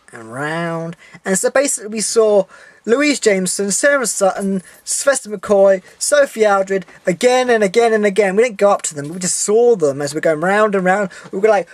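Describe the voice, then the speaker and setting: A young man vlogging from a room at home, rambling and animated, with swearing and stumbling restarts. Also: high voice. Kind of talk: casual vlog monologue.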